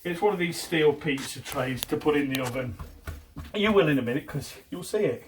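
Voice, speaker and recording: Middle-aged man, fairly high voice, jokey home-cooking demo, mic a bit far off with faint background noise. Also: animated, moderate pace. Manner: chatty, jokey, step-by-step instructions. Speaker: home cook presenter. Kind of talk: casual cooking demonstration.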